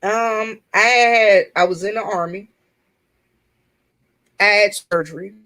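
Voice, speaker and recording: A woman in a casual group chat telling a personal story in an earnest, open way, pausing and restarting as she goes. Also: mid-range voice, a bit bright, low-quality recording. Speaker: chat room participant.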